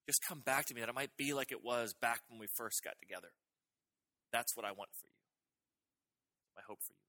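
This is a middle-aged man preaching, his mid-range voice sharp in tone and a little fast, broken by long pauses. Over and over he presses his main points, emphatic and repetitive, growing more intense on key phrases.

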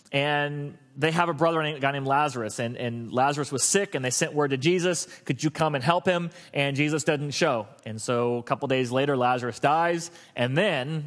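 A middle-aged man preaching a sermon as pastor, telling stories in an animated way and acting out the quoted lines. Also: mid-range voice.

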